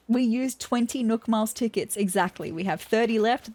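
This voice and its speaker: An Australian woman hosting a let's-play video, commenting in a gushing, excitable way. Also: fairly high pitch, moderate pace, few pauses, dry recording. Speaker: gaming channel host.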